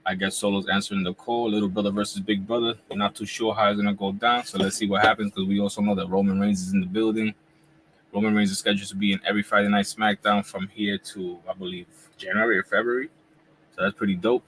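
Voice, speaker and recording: A man in his forties hosting a casual live wrestling reaction chat at home, talking in relaxed slang while he eats. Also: fairly low pitch, fast talker, a little hiss or hum, rough recording. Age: 40s. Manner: laid-back slangy talk, eating while talking. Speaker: wrestling YouTuber host.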